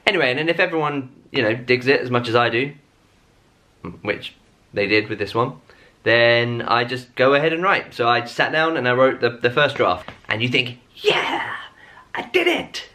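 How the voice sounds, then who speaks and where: Casting: male vlogger, thirties, bright forceful tone, chatty and self-deprecating. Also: medium pitch, normal speed. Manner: rambling, self-mocking, chatty with many fillers. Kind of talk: casual chat to camera. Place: at home.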